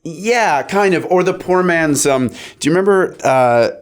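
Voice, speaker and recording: A man's voice: on the high side, animated, measured pace. A man chatting as a podcast guest, rambling and stopping to search for words mid-sentence. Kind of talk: casual chat.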